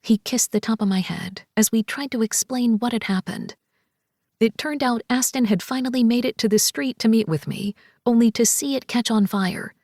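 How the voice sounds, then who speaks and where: A woman narrating an audiobook romance in the first person, expressive and voicing each character. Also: fairly high pitch, dry recording, studio quality.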